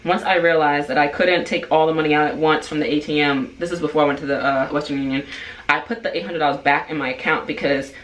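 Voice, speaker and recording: A woman in her twenties telling a story in a casual vlog, animated and full of fillers. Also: sits low, fast talker, a little hiss or hum. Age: 20s. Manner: animated, chatty, filler-heavy. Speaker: vlogger. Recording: roomy sound, far from the mic.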